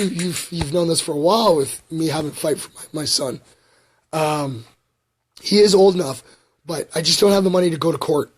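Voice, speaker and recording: A man's voice: a little high, a bit bright, breathy edge. A middle-aged man, rambling and confessional in a casual livestream chat, full of fillers and asides to his viewers. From Canada. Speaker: vlogger.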